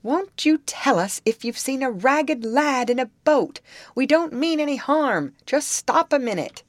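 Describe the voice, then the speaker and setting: A woman's voice: medium pitch, lively intonation, measured pace, no echo, voice pushed up, close to an everyday voice. A woman voicing a pushy grown man who calls out urgently from a boat in a storybook reading. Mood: pleading. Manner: loud, urgent, wheedling.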